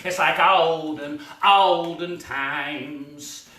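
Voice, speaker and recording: A man putting on a cocky male villain, a traitor spy, declaiming slowly with drawn-out words. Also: fairly high pitch, fairly even intonation, sharp tone, heavily acted. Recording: echoey room, distant mic.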